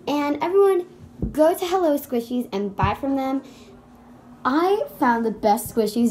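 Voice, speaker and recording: A woman hosting a casual vlog skit, bubbly and gushing with excitement. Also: on the high side, background noise. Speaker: vlogger and skit host.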